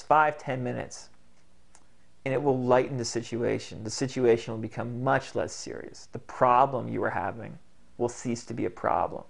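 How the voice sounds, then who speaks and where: A man's voice: medium pitch, moderate pace, vocal fry. A man coaching a self-help exercise, explaining it in an earnest, repetitive way. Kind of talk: instructional talk to camera.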